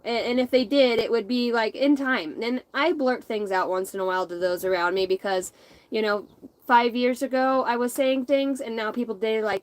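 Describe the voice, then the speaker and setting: A woman's voice: on the high side, brisk, low-quality recording. Blunt, rambling middle-aged woman reader. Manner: rambling, blunt and profane, laughs often. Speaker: intuitive tarot reader. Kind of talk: casual spiritual channel reading.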